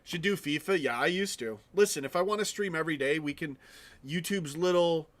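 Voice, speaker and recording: A man's voice: a little high, a little fast. A man hosting a casual live stream, ranting with frequent swearing and restarts, tossing asides to his viewers. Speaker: fan channel live streamer.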